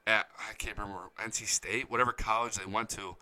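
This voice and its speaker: A young man hosting a casual live-stream fan chat, excitable and profane, reading viewer comments aloud. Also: fairly low pitch, quick pace, hardly any pauses. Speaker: fan show host.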